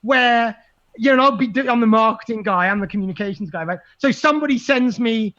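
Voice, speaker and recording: Male guest, high-pitched, excitable and emphatic, muffled lo-fi audio. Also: a little fast. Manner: animated, emphatic, repeats words while thinking. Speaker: guest, libertarian messaging expert. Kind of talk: casual podcast conversation. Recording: dull lo-fi sound.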